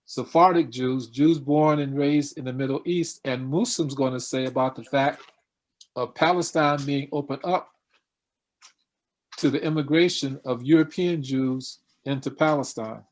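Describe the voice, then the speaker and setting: A man's voice: medium pitch, a little slow. A middle-aged man giving a seminar lecture, often putting questions to his students and repeating key words, with frequent fillers.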